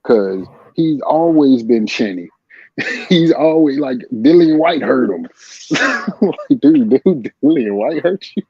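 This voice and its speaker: A man's voice: mid-range voice, expressive, takes it slowly, darkish tone, slightly rough, dry recording, highs cut off. A man co-hosting a casual boxing chat, telling stories with a laugh and mocking quotes.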